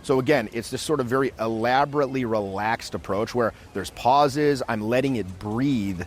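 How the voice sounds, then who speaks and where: A man teaching social skills in a casual, animated way, acting out quick scenes as he explains. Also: mid-range voice, a little hiss or hum. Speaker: dating coach. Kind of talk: casual instructional talk. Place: outdoors in a city.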